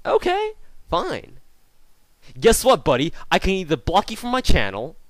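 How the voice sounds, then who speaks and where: Young male vlogger, furious profane sarcastic rant, very animated pitch, close dry recording. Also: brisk, no room sound. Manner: angry, profane, sarcastic ranting. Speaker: YouTuber. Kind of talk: ranting vlog commentary. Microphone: off-camera voice recording.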